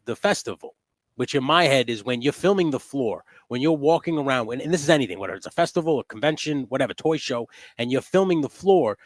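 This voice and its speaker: A man with a mid-range voice chats casually as host of a live stream. He swears freely and tells stories with animated energy. The sound is dry and close, with no room around it. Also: mid-range voice, no echo. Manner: profane, animated storyteller. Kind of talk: casual chat.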